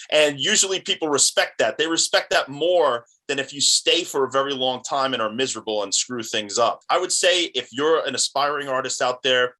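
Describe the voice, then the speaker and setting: A man from New York, a guest film producer, telling lively stories and mimicking voices in a casual interview. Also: mid-range voice, poor audio. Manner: animated storyteller who mimics voices.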